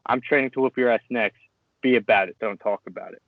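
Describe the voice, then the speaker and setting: A man co-hosting a casual sports podcast, excitable and laughing often as he reads posts aloud. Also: mid-range voice, quick pace, no echo. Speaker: podcast co-host. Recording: dry, tinny phone-like sound.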